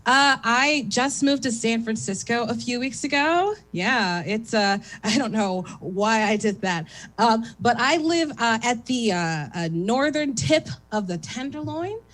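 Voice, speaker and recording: Smooth-voiced young woman doing stand-up. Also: on the high side, unhurried, low-quality recording. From East Oakland, California. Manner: even, radio-like speaking voice, self-deprecating, many fillers. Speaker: stand-up comic. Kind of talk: stand-up set.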